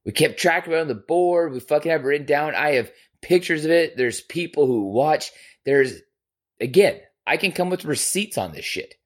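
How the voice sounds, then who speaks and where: A male podcast host telling a story in casual chat, animated and profane, swinging between loud bursts and quiet asides. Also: a little high, normal speed.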